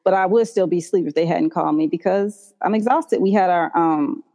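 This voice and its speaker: Tired woman, halting and hesitant. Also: dark tone. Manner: hesitant, many ums, drops low when searching for words. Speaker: podcast co-host. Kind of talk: casual chat.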